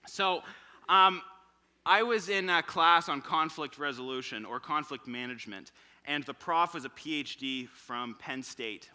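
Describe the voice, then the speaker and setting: Young man, bright sharp voice, fairly high, church sermon, animated storytelling. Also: measured pace. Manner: animated storytelling with acted quotes. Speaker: preacher.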